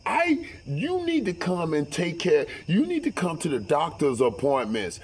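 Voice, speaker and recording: A man voicing a pushy young mistress on the phone, with a high, loud and demanding voice. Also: wildly swooping pitch, a little slow, heavily acted. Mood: nagging.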